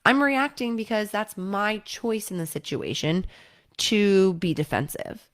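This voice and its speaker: A woman's voice: mid-range voice, a little slow. A woman, a lawyer, giving casual relationship advice to camera in a conversational way, often checking in with "right?" and acting out quotes. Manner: lively, acts out quoted partners.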